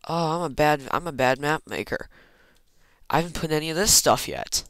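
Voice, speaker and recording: A man's voice: on the high side, brisk, a bit bright, no echo. A man giving rambling, self-mocking commentary while playing a game, muttering asides to himself. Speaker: Minecraft let's player. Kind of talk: casual gameplay commentary.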